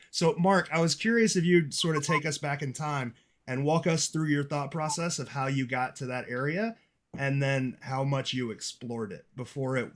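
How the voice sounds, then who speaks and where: A man hosts a casual live stream at a middle pitch. He talks in a chatty, rambling way and often restarts his sentences. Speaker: host.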